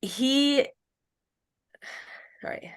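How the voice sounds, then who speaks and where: A woman psychic medium in casual chat, rambling and animated, often acting out what was said to her. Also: sits high, extremely slow, clean tone. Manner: rambling, animated, acts out quotes.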